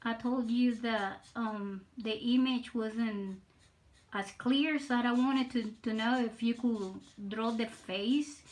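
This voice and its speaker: A woman chatting casually with viewers on her live art stream, rambling and pausing to greet people. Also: fairly high pitch, steady tone, low-quality recording. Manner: rambling, talking to chat viewers.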